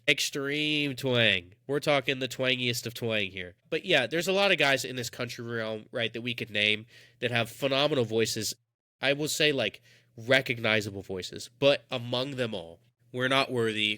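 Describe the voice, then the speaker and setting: A man's voice: mid-range voice, normal speed, bright, forceful tone, dry recording, studio quality. A young man co-hosting a podcast, talking in a casual, enthusiastic, rambling way. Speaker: podcast co-host. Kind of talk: casual chat.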